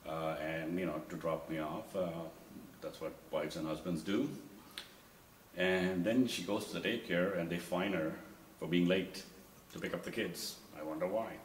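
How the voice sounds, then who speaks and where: A man doing stand-up, rambling through stories with lots of fillers and quick impressions of others. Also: deep voice, roomy sound, recorded from a distance, slight background noise, low-quality recording. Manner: rambling with many fillers, mimics wife and officer. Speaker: stand-up comedian. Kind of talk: stand-up storytelling.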